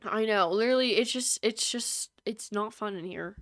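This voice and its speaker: Speaking at a normal pace in a medium-pitched, slightly bright voice, a female game streamer rambles self-deprecatingly during a casual live-stream chat. She's in a small bedroom with a streaming microphone, and no room sound comes through.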